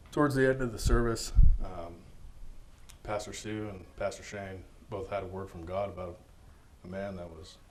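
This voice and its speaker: A man giving a personal church testimony, earnest and halting, with many fillers and restarts. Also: sits low, a little hiss or hum, low-quality recording.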